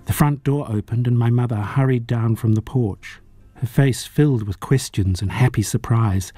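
A man narrating a novel as an audiobook reader, in a measured, even storytelling manner. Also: medium pitch, dry recording. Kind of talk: audiobook reading.

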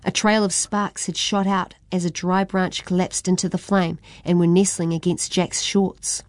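A woman's voice: on the low side, flat delivery, moderate pace, no echo. A woman reading a children's adventure story aloud.

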